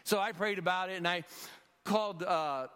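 In a church, a rescue mission leader in his sixties tells his testimony as an earnest storytelling preacher, with a high-pitched, bright, forceful voice that is clear and resonant. He speaks at a moderate pace, and long hall reverb surrounds him.

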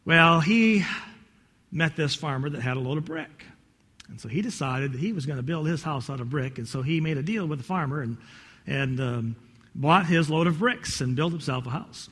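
A male pastor preaching a sermon, telling a story in an animated, folksy way with many restarts, in a church. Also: fairly high pitch, normal speed. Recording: echoey hall.

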